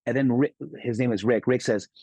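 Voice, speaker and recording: A man in his forties from California, a guest telling an animated story with stumbling restarts. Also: medium pitch, a little fast, breathy edge, no room sound. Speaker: guest, loan officer. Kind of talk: casual storytelling.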